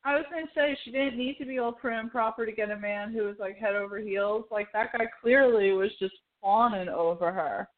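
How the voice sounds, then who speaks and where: Emotional, animated woman on a tinny line. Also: mid-range voice, a little fast, few pauses. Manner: animated, emotional, laughs often, acts out lines. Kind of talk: casual chat about a film. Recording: tinny phone-like sound.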